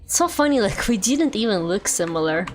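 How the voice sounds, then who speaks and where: A woman's voice: mid-range voice, sing-song, a little fast. A young woman from Russia streaming a game, talking casually and chattily with lots of fillers and frequent laughter. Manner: chatty, rambling, filler-heavy, laughs often. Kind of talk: casual gameplay chat.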